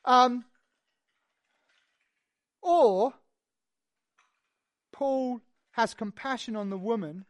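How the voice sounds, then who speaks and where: A preacher giving a sermon, telling the story in an animated, conversational way with lively asides. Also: medium pitch, dry recording, clean studio sound.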